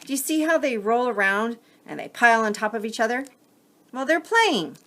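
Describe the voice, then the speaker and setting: A woman voicing a kind, thoughtful male buoy in a storybook, speaking warmly and with wonder. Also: a little high, animated, normal speed, voice pushed up.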